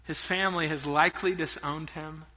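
Middle-aged pastor guy preaching, super bright cutting voice, lots of hall reverb. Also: fairly high pitch, moderate pace. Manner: energetic storytelling preacher, swinging between loud emphasis and hushed asides. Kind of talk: sermon. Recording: long reverb of a large hall.

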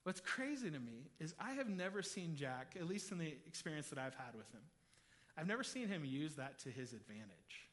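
High, bright-voiced preaching man. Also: normal speed. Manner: animated, chatty, addresses the congregation directly. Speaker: pastor. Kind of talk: sermon with personal storytelling.

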